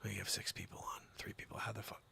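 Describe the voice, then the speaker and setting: A man's voice: on the low side, flat delivery, fast talker, creaky, pushed and bright, whispered. Ranting sarcastic comedy news host, man. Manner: ranting, sarcastic, swearing asides. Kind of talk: comedic news reading on a livestream.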